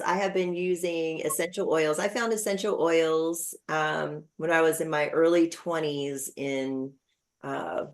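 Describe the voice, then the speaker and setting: A middle-aged woman hosting a podcast interview, chatting casually with lots of fillers and personal stories. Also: low-pitched. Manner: chatty, warm storytelling with frequent fillers. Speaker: podcast host.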